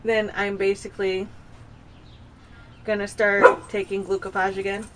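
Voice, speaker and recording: A woman's voice: medium pitch, little pitch movement, unhurried, very noisy. A woman in her thirties talking at home in a casual personal vlog, rambling and confessional, often circling back and restarting her sentences. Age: 30s. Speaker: vlogger. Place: home with dogs nearby.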